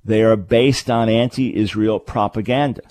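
This is a male talk radio host working a close studio microphone in a dry, dead room. His voice sits on the low side, and he talks emphatically as he explains, stopping now and then to correct himself. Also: steady tone, unhurried, a little mellow, no echo.

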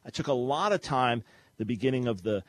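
Middle-aged male radio host, earnest teaching voice, average pitch, dry studio sound. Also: expressive, a little fast, no echo. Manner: earnest preaching delivery with repeated restarts. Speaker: radio talk show host. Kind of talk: call-in radio talk and teaching.

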